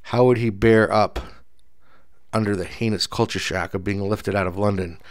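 A man narrating a first-person story as an audiobook in a dry, measured, low-key voice. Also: fairly even intonation, clean tone.

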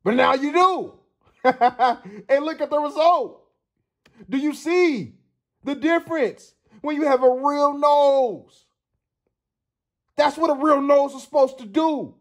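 A man hosting his own channel, giving an excited football film breakdown, laughing often and repeating his points for emphasis. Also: very high-pitched, slow pace, long pauses. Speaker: sports channel host.

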